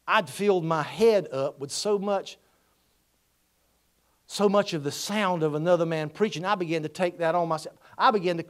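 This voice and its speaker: Male preacher, middle-aged, slightly high voice, folksy storyteller with big swings in loudness. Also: moderate pace. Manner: folksy, swings from quiet asides to loud exhortation. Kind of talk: storytelling sermon.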